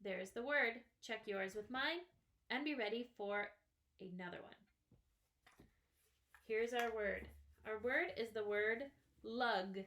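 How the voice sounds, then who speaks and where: A woman's voice: on the high side, slow, long pauses, fairly bright tone. A woman teaching first graders phonics, patiently sounding out and stretching each word part. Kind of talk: slow, clearly sounded-out phonics lesson. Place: classroom or home, writing on a small board.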